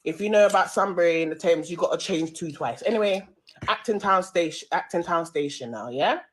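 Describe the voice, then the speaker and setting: A woman's voice: lowish voice, brisk. A woman with a London accent, hosting a live-stream radio show, telling a heated story full of slang and swearing.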